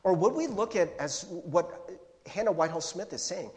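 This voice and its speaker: A man in his forties preaching a sermon as a youth pastor, in a casual, animated way with slang and stammered restarts. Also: high voice, moderate pace. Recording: long hall reverb.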